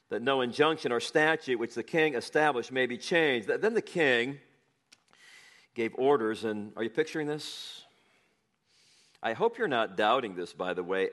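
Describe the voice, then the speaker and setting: Guy preaching from the bible, bright voice, jumps in with chatty little asides. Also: medium pitch. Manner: animated, with chatty asides and chuckles. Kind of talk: expository sermon reading scripture.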